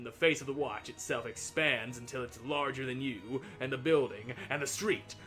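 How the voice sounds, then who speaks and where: Playful bright-voiced male gamer. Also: mid-range voice. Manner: playful, reads game text aloud. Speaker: game streamer. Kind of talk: casual let's-play narration.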